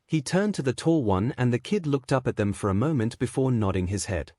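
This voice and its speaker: A man reading a fan-fiction story aloud as a narrator, in a measured storytelling way. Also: mid-range voice, big pitch swings, darkish tone, no room sound, studio quality.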